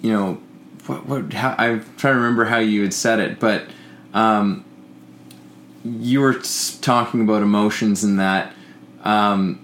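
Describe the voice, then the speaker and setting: Lowish voiced guy fumbling for words, casual chat, roomy echo. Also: steady tone, measured pace, fairly bright tone. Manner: hesitant, searching for words, many fillers. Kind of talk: casual conversation. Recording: echoey room with faint noise.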